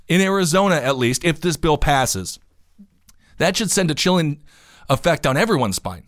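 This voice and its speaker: Animated, sarcastic male podcast host. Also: on the high side, normal speed, pauses often, dry recording, clean studio sound. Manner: animated, sarcastic, gets indignant. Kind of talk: casual news commentary.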